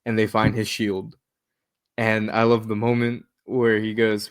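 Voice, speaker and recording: A man's voice: on the low side, unhurried, smooth. Man animatedly recapping a comic. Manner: animated retelling with quoted lines. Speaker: podcast co-host. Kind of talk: casual plot recap.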